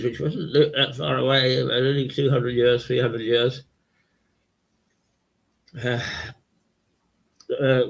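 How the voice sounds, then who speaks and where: Older man, croaky gravelly voice, halting with fillers, dull lo-fi webcast sound. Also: mid-range voice. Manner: slow, halting, many fillers and repeats. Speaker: local TV host. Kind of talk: rambling casual monologue.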